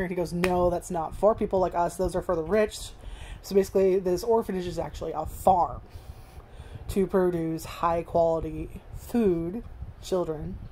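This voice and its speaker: A woman's voice: on the low side, mellow, slight background noise. A young woman rambling through a casual review at home, swearing freely and filling with "like". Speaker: vlogger. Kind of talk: casual first-impressions review.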